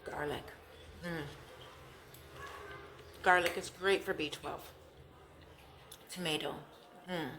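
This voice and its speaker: A woman's voice: lowish voice, fairly even intonation, takes it slowly, pauses often, a bit bright, a little hiss or hum. A woman vlogger talking casually to camera while eating, chatty and repeating herself. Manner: chatty, repeats herself, talks with mouth full.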